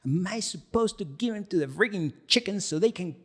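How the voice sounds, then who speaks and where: A man's voice: extremely high pitch, wildly swooping pitch, takes it slowly, creaky, breathy edge, pitched above the performer's own voice, exaggerated voice. A man voicing an angry male friend who rants and swears on a phone call. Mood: furious. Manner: shouting, cursing, exasperated.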